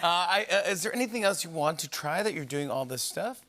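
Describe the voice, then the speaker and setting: A man's voice: on the high side, animated, fairly quick, pushed and bright. A man hosting a talk show, hesitant and full of fillers, laughing often. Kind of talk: casual chat. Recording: studio audience audible behind. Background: audience laughter.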